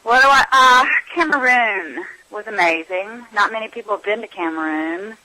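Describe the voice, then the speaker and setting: Interview guest: woman with a bright, clear voice, reflective, trails off mid-thought. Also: medium pitch, moderate pace, rough recording. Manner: trails off, searching for memories. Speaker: actress interviewed about her films. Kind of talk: casual interview reminiscing.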